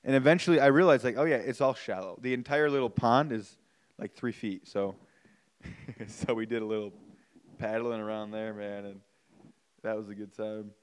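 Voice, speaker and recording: This podcast host speaks at a normal pace in a clean voice on the low side, telling a story casually and with energy while swearing and saying "like" and "man" a lot.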